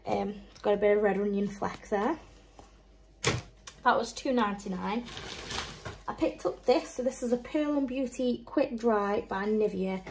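A woman's voice: fairly high pitch, a little mellow, low-quality recording. A young woman and mum chatting casually through a shopping haul, rambling along and listing prices with small laughs. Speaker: mum and vlogger.

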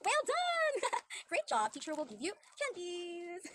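A woman's voice: very high-pitched, very animated, unhurried, slight background noise. A young woman giving an online demo English lesson to a young child, with exaggerated sing-song praise and frequent laughs. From Philippines.

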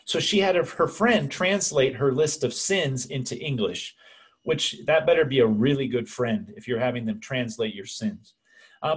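Earnest male pastor preaching. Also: medium pitch. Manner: earnest, conversational preaching addressing listeners as friends. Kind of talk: sermon.

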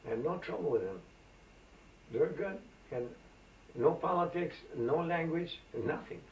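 Gravelly old man reminiscing, roomy tape. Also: on the high side, expressive, unhurried, slight background noise. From Macedonia. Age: 80s. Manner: rambling, anecdotal, with frequent fillers. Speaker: oral history interviewee. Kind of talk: reminiscing conversational storytelling. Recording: roomy amateur tape, voice from a distance.

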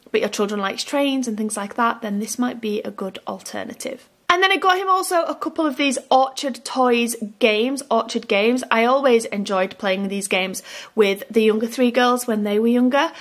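A British woman in her thirties chatting casually through a family gift haul, rambling and chatty. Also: a little high. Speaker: family vlogger.

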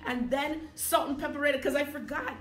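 A woman's voice: sits high, moderate pace. Chatty woman reviewing a movie, echoey room. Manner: animated and chatty, with frequent fillers and self-corrections. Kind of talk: casual spoken movie review. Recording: echoey room with faint background music.

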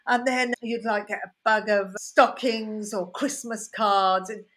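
A woman's voice: mid-range voice, unhurried. A woman comedian with a Birmingham accent, telling rambling, anecdotal stories in a casual podcast chat. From Birmingham, England. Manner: rambling, anecdotal storytelling with lively asides. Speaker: comedian guest.

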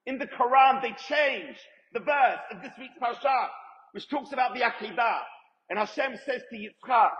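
A man's voice: very high voice, very animated, moderate pace. A male rabbi giving an emphatic Torah lecture to a live audience and putting questions to them. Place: event hall with audience. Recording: echoey hall, dull lo-fi sound.

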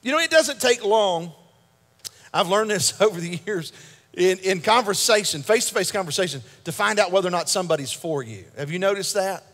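A man preaches with a light, high-pitched voice and an emphatic, repeating delivery that keeps asking for an amen. His sermon rings out with the long reverb of a church sanctuary. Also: lively intonation, fairly quick, a bit bright. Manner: repeats and restarts words as he builds a point. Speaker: pastor.

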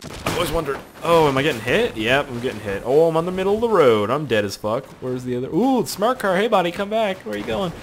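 A man commenting on his own gameplay in a loose, rambling way, talking to himself about what happens on screen. His voice leaps all over the place, from low mutters to high yelps, with lots of swearing. The delivery is casual let's play commentary. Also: fast, noisy background. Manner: excitable, yelps and laughs at crashes, heavy swearing. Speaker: gaming YouTuber.

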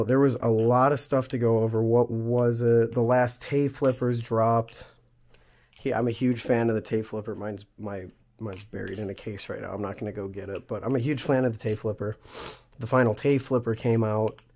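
A man hosting his channel, still hoarse from losing his voice, rambling through a casual news roundup with plenty of fillers. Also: medium pitch, darkish tone. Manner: rambling, chatty, with frequent fillers. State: hoarse, recovering from lost voice. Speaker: channel host.

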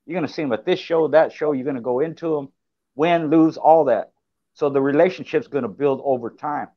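A man's voice: a little high, fairly quick, highs cut off. A man co-hosting a casual chat, laid-back and rambling with many fillers. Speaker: podcast co-host.

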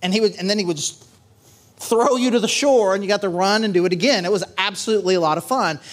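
A man's voice: high-pitched, quick pace. A man pastor giving a conversational sermon at a church service, telling stories with lots of casual fillers and "right?" tags.

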